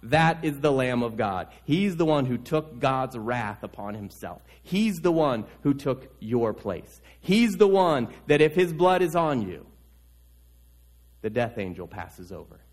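A man's voice: mid-range voice, big pitch swings, a little slow. A man voicing an urgent male prophet in a sermon, insistent and pleading as he points someone out.

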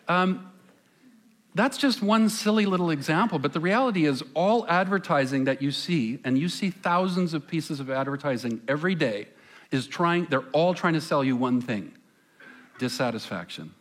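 A man preaching a sermon as pastor on a church stage, conversational, asking the congregation questions and pausing for effect. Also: a little high, lively intonation. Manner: conversational, asks the congregation questions, dramatic pauses.

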